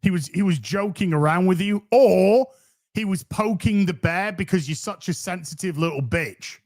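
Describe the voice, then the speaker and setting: A man's voice: high voice, moderate pace, a little mellow. A man hosting a commentary show, ranting sarcastically and mocking the streamer he reacts to. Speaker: commentary host.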